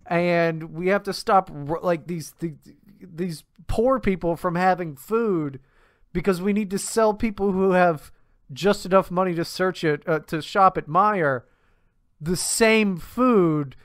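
A man's voice: high voice, a little slow, no room sound, clean studio sound. A man co-hosting a podcast, ranting in a profane, exasperated casual chat with many restarts. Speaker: podcast co-host.

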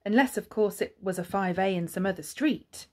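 Woman doing a nice polite hedgehog neighbor guy, reassuring, husky storybook voice. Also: mid-range voice, moderate pace, darkish tone, close to an everyday voice.

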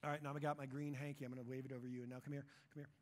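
A man putting on the voice of a slick, pushy prosperity-gospel preacher, coaxing a crowd with drawn-out, wheedling cadence. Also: medium pitch, level tone, voice pushed down, lightly acted. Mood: coaxing showman.

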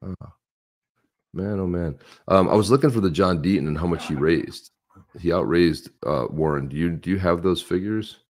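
Guy with a really deep voice chatting casually, rambling, keeps restarting his sentences. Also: normal speed, darkish tone. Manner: rambling storyteller, many restarts; jumps between voices for quoted people. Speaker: co-host. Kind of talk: casual chat.

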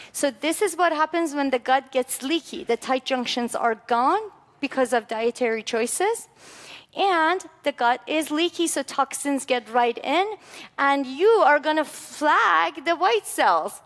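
A woman giving a lively, playful classroom lecture, coaxing volunteers into a demonstration. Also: high-pitched. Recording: long hall reverb.

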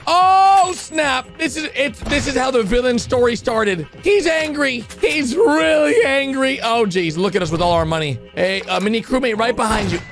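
A young man giving excited reaction commentary on a video, exclaiming loudly and calling his viewers "boys" and "bro". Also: very high voice, normal speed, few pauses, faint music behind. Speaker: YouTuber reacting to an animation.

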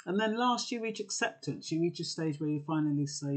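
A man's voice: on the high side, expressive, fairly quick, hardly any pauses. A man giving earnest, conversational advice, with frequent fillers and restarts. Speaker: advice vlogger. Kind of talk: casual advice talk.

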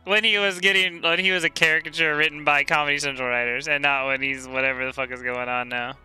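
A man's voice: a little high, steady tone, fast talker, sharp tone, clean tone, faint music behind. A man streaming a game, rambling casually with a friend, swearing and laughing often. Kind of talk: casual gaming chat.

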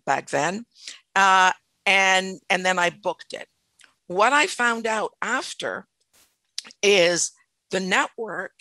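A woman's voice: fairly low pitch, pushed and bright, no echo. A middle-aged woman from French Canada, an actor telling her career story as a podcast guest, thoughtful and often restarting her sentences. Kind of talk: casual interview storytelling.

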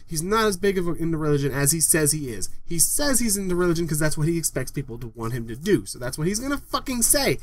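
A young man with a fairly high voice rants straight to the camera in a heated, profane vlog. He keeps circling back to the same complaints and swears freely as he vents. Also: dry recording. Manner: heated, profane, repetitive ranting. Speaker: vlogger. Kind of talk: angry rant to camera.

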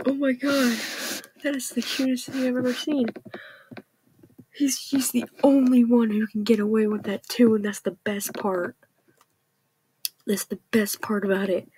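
A woman's voice: a little high, level tone, measured pace, pauses often, dark tone, a little hiss or hum, poor audio. A woman hosting a reaction video, gushing and exclaiming with emotion in casual commentary.

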